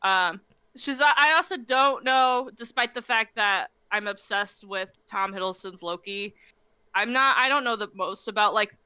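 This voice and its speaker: A young woman co-hosting a casual chat, animated and full of "like" fillers, laughing often. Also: mid-range voice, measured pace, clear, resonant tone, dry recording, muffled recording. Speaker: podcast co-host.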